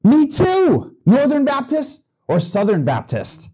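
A man's voice: very high-pitched, wildly swooping pitch, slow pace, darkish tone, breathy edge, voice pushed up, full character voice. A man voicing a petty, zealous Baptist man who tells a joke in an emphatic, rising delivery. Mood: lively.

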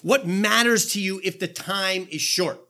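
A man's voice: sits high, a little slow, pushed and bright. A man in his fifties preaching a conversational sermon in a church, putting rhetorical questions to the congregation in an informal way. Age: 50s. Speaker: pastor.

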